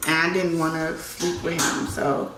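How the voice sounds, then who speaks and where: A woman's voice: low-pitched, flat delivery, unhurried. A woman vlogger at home telling a personal story in a conversational way while getting ready, acting out the dialogue as she goes. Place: at home, in a room. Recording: echoey room, distant mic, background noise.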